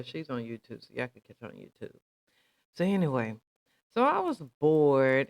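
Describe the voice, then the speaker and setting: A man talking casually to his audience, rambling along and checking in with them often. His voice is smooth and resonant, easygoing and unhurried in manner. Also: mid-range voice. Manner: relaxed, rambling, chatty with many fillers. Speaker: vlog host. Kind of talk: casual chat.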